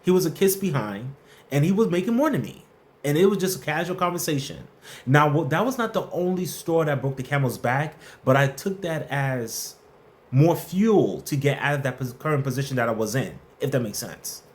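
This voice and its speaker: A man's voice: on the high side, animated, moderate pace. A man hosting a casual workplace advice livestream, answering viewer questions and greeting the chat by name in a playful, slangy way.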